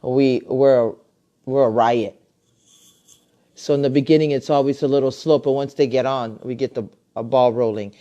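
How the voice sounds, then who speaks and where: A middle-aged woman and grandmother hosting a casual live video chat from her computer, talking in a chatty, warm-hearted way with many fillers and restarts. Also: rumbling low, fairly even intonation, normal speed, dull audio. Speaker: host. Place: home, at a computer. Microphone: computer mic on a live video call.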